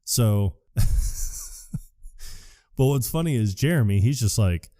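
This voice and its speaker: Man, dark voice, dry recording. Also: lowish voice, dry recording. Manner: animated retelling, quick quotes, frequent laughs. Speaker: podcast co-host. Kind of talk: casual movie recap chat.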